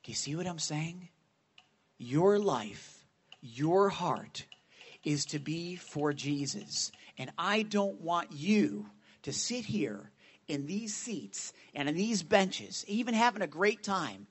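A man's voice: a little high, animated, slow pace, slightly rough. Earnest, conversational male preacher. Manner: earnest, conversational, with frequent "right?" check-ins. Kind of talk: informal sermon. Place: church sanctuary.

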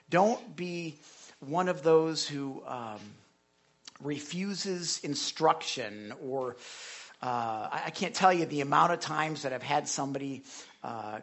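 Male pastor, sermon delivery, gravelly and raspy, chatty with hushed asides and loud swells. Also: mid-range voice. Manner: conversational, repeats words, drops to a whisper and swells loud.

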